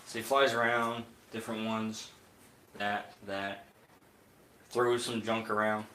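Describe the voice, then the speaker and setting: A man running a tabletop game, narrating in a loose way and laughing often. His voice is bright and forceful. It sits in a roomy space with a faint hiss. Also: on the low side, fairly even intonation, a little slow, pauses often. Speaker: game master.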